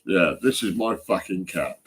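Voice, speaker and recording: A man's voice: deep voice, expressive, normal speed, fairly bright tone, husky. A man talking to his phone in a rambling, swearing monologue, often repeating himself. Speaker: vlogger.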